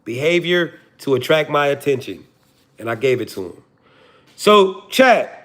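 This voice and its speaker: A man's voice: a little high, big pitch swings, a little slow, a bit bright. A man, hosting a livestream and joking profanely to his chat before preaching his point. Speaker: livestream host. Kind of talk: casual livestream talk to chat.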